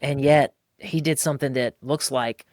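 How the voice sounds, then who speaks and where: A man hosting a podcast, talking in a casual, emphatic way and jumping into higher, livelier voices when he acts out quotes. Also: fairly even intonation, normal speed, a little mellow, no room sound, studio quality. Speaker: podcast host. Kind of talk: casual podcast talk on faith and marriage.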